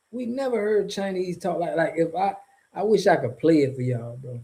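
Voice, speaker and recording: A man's voice: fairly high pitch, sing-song, normal speed, warm tone, poor audio. A man hosting a casual livestream, talking back to his chat in a loose, slangy, rambling way with frequent laughs. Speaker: streamer and channel host.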